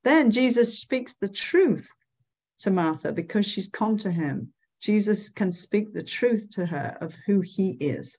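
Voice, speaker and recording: A woman giving devotional Bible teaching, reading scripture aloud and explaining it slowly. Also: medium pitch, animated, a little mellow, husky, dull audio. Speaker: speaker at a church gathering.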